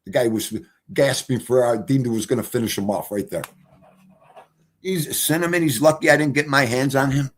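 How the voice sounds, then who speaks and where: A middle-aged man telling stories casually on a livestream, animated, swinging from loud exclamations to quiet mutters. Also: medium pitch, moderate pace, slight background noise. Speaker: streamer.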